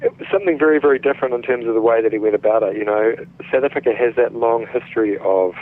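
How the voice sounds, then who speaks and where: A middle-aged man from New Zealand with a New Zealand accent, an actor telling stories in a relaxed interview, chatty with many restarts. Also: mid-range voice, fast. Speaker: actor guest. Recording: tinny phone-line sound.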